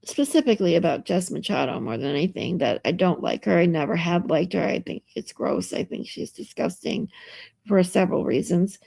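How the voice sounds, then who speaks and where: Gravelly-voiced woman chatting on a stream. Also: lowish voice, expressive, fairly quick, warm tone, dry recording, clean studio sound. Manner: chatty, reads out and answers chat comments, laughs often. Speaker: live streamer. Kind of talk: casual live-stream chat with viewers. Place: hotel room.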